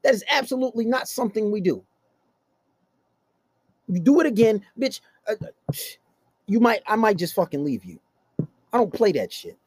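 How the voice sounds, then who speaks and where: In a high, slightly mellow voice with no echo, a male host tears into relationship advice. His delivery is aggressive and blunt, packed with cursing.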